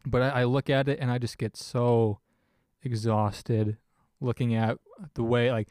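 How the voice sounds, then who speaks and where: A man's voice: mid-range voice, level tone, unhurried, a little mellow, smooth, no room sound. Hesitant young man, dry close mic. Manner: hesitant, searching for words. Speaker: podcast co-host. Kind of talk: casual political chat.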